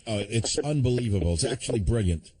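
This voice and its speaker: A man's voice: on the low side, expressive, fast, a little mellow, a little hiss or hum. A man hosting a call-in radio show, talking in a combative, sardonic way with chuckling asides. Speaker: radio talk show host.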